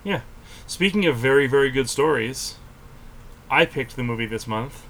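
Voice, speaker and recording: Hoarse man hosting a podcast. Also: mid-range voice, lively intonation, moderate pace, fairly bright tone. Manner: joking, playfully defensive. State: hoarse, lingering cold. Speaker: podcast host. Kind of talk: casual chat.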